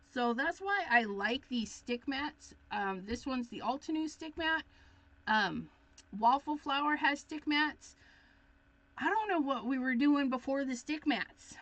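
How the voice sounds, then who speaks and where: A woman hosting a crafting tutorial, chatting casually and thinking aloud, easily excited as she works. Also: sits high, muffled recording. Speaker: craft demonstrator. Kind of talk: live crafting tutorial chat.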